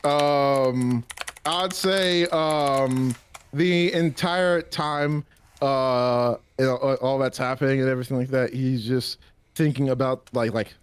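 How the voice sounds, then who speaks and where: A man's voice: medium pitch, fairly even intonation, slow, smooth. A man playing a tabletop game, describing his character in a giggly, rambling way full of fillers. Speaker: player.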